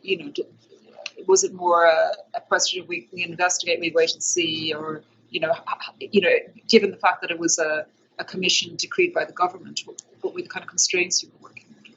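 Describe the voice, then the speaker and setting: A woman's voice: on the low side, flat delivery, a little fast, gravelly, a bit bright, dull audio, a little hiss or hum. A woman in her forties interviewing a guest in a university lab, curious and building her questions aloud as she goes. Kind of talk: conversational interview.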